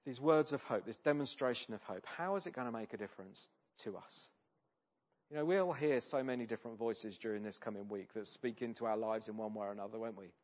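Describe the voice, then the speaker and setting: Guy preaching a sermon, earnest and chatty, asks the congregation little questions, kinda muffled recording. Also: mid-range voice. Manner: earnest, conversational, asks rhetorical tag questions.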